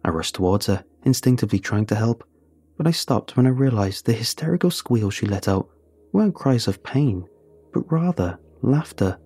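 A man narrating a first-person horror story in a steady, measured way. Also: mid-range voice, breathy edge, no echo.

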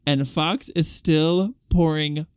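A man's voice: a little high, slow pace, clear, resonant tone, dry recording, studio quality. A man co-hosting a casual pop-culture podcast. He talks in a jokey, dramatic way and reads out a listener's letter. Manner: animated, jokey, dramatic asides. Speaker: podcast co-host.

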